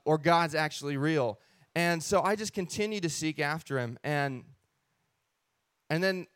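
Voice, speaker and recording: A man sharing his personal faith testimony in an earnest, animated way, often acting out his own thoughts. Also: fairly high pitch, no echo, clean studio sound.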